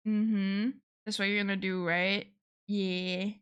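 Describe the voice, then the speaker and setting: Girl streaming, talks slow and goofy, swears lots, medium voice. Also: medium pitch, flat delivery, a bit bright, clear, resonant tone. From France. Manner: playful, swears often, chats to viewers. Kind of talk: casual livestream chat.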